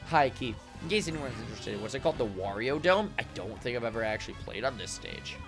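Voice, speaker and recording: A young man streaming a game from a home room with acoustic foam, rambling excitably, swearing and laughing often. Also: medium pitch, quick pace, music in the background. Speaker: gaming streamer. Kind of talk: casual live-stream commentary while gaming.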